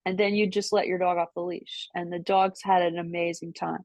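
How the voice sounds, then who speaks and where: An older woman, a podcast guest, telling casual stories in an animated way, laughing often and mimicking voices. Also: on the low side, a little fast, dry recording. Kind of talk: casual storytelling. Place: New York City.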